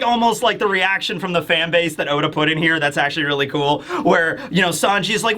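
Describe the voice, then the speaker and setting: In a casual, rambling review of a manga chapter, a man talks a little fast with few pauses. His high, bright voice sounds excited as he stumbles through fillers and restarts.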